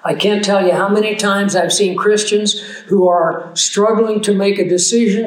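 A man preaching a sermon, earnest and conversational, moving easily between a personal story and his teaching point. His voice sits fairly high for a man. He is recorded in a roomy, echoing space. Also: steady tone, measured pace, few pauses.

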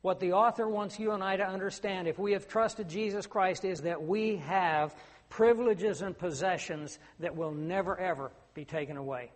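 A man's voice: high voice, moderate pace. A middle-aged man preaching a sermon, earnest and rising to emphatic declamation. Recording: long hall reverb.

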